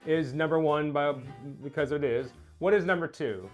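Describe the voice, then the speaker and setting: A man hosting a casual interview, joking and animated, swinging between loud bursts and mumbled asides. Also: fairly high pitch, moderate pace, muffled recording, soft background music. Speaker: host.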